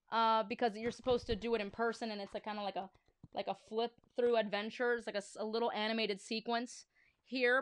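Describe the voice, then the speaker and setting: A woman's voice: on the high side, clean tone, no room sound. A woman reading a children's book aloud on a livestream, with playful, chatty asides.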